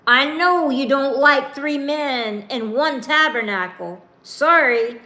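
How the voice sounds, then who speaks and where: A woman's voice: sits high, slow pace, sharp tone, echoey room, pitched above the performer's own voice, heavily acted. A woman voicing Jesus as an exasperated grown man, speaking in a raised, emphatic, pleading way during a sermon. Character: exasperated adult man, Jesus, carrying divine glory.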